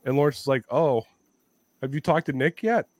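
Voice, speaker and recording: A man hosting a podcast, telling stories in a lively, profane way and often laughing. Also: medium pitch, normal speed, no room sound. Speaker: podcast host. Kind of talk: casual storytelling chat.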